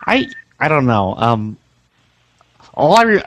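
A man on a podcast call as a guest, relaxed and easygoing. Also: medium pitch, slow pace, a little hiss or hum. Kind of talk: casual chat.

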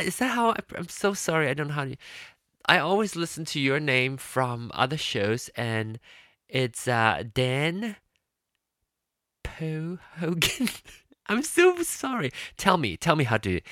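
Animated, bright-voiced man hosting a podcast. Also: medium pitch, no room sound, studio quality. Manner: rambling, apologetic, self-interrupting with fillers; chatty and animated. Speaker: podcast host. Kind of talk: casual solo podcast chat.

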